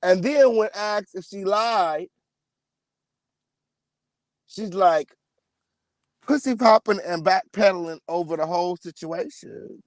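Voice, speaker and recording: A man's voice: high-pitched, takes it slowly, long pauses, dry recording. A man giving casual celebrity gossip commentary, profane and emphatic, repeating lines for effect.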